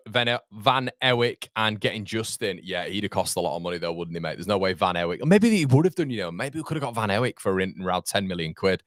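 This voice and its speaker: A man's voice: lowish voice, a bit bright, dry recording, studio quality. A man, hosting a live football watchalong and chatting bluntly, with the odd swear word. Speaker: fan channel host. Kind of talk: live match watchalong commentary.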